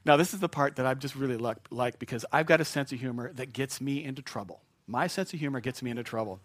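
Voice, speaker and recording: A man's voice: medium pitch, fairly quick, a bit bright, dry recording. A man preaching a sermon in a jokey, chuckling, conversational way. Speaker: pastor.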